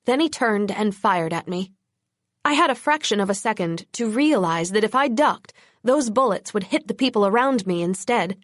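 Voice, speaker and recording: A woman narrates an audiobook in the first person, tense and driving, with a mid-range pitch. The recording is close and dry, with no room sound. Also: animated, moderate pace, no echo.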